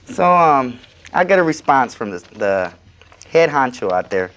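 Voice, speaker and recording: A man with a voice of ordinary pitch, a guest in a studio interview. He talks in a plain, aggrieved way, with casual, unscripted phrasing. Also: very animated, measured pace, a bit bright, dull audio. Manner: plain-spoken, aggrieved, recounting a workplace dispute. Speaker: guest, activist.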